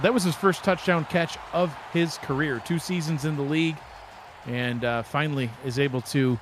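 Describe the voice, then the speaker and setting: Higher-voiced man calling the play-by-play. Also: background noise. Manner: brisk, stat-heavy play-by-play. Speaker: play-by-play commentator. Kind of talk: sports commentary. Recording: music bed behind the voice. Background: background music.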